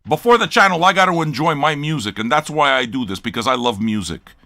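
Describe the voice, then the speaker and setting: A man's voice: mid-range voice, expressive, fast talker, gravelly, sharp tone, dry recording, studio quality. An older man hosting a record-listening show, talking in a blunt, profane, rambling livestream rant.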